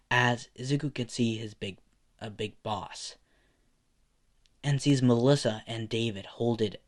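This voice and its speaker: Man rambling through an improvised story. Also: medium pitch. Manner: rambling, with frequent restarts. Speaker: fan story narrator.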